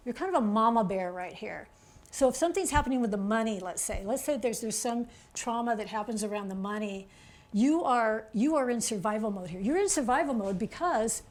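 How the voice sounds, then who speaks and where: Chatty woman speaker, fairly high voice. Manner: chatty, animated, points at a chart, frequent "okay?". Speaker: author giving a public talk. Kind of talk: casual presentation to an audience.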